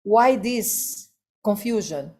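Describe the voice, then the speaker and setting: Slow, emphatic woman giving a devotional class. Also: mid-range voice, expressive, dark tone. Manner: slow, emphatic, rhetorical questions, non-native phrasing. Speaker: spiritual teacher.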